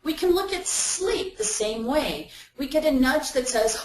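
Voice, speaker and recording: A woman's voice: sits high, expressive, measured pace. A woman giving a webinar talk in a conversational way, acting out everyday inner voices as she explains. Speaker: webinar presenter. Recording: roomy echo.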